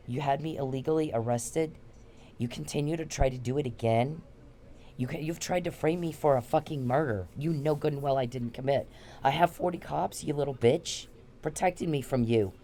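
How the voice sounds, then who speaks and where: A woman's voice: a bass voice, a little mellow. A woman vlogging, ranting confrontationally and with profanity at a man she accuses. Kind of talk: angry direct-to-camera rant.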